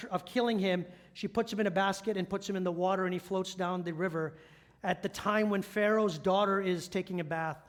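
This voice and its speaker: A high-pitched man delivers a church sermon as one of the elders. He talks in a conversational, storytelling way and keeps asking the listeners rhetorical questions. He sounds middle-aged.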